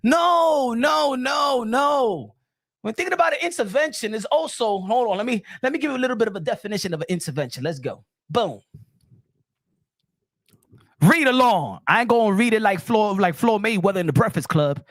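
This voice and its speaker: High gravelly man ranting about boxing. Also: expressive, quick pace, few pauses, no room sound, clean studio sound. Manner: loud, preachy, repeats himself, addresses the subject directly. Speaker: boxing commentary channel host. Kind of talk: emphatic boxing commentary vlog.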